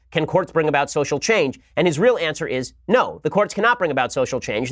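Rapid-fire sarcastic male commentator. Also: fairly high pitch, dry recording, clean studio sound. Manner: sarcastic and combative. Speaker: podcast host. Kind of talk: political commentary monologue.

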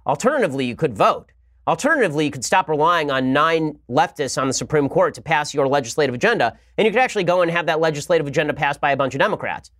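A man's voice: on the high side, animated, fast, fairly bright tone, no room sound, studio quality. A man hosting a political commentary show, delivering a combative monologue in a sarcastic, mocking manner.

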